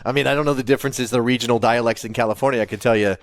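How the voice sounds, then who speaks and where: A man from Virginia co-hosting a soccer podcast in casual chat, halting and repeating phrases, often laughing. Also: mid-range voice, fairly even intonation, no echo, clean studio sound. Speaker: podcast co-host.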